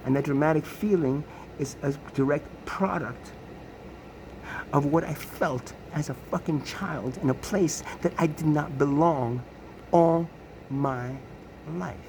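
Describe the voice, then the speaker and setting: A man's voice: on the high side, takes it slowly, noisy background. A middle-aged man from Queens, New York, rambling agitatedly through a profane, stammering personal monologue. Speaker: vlogger.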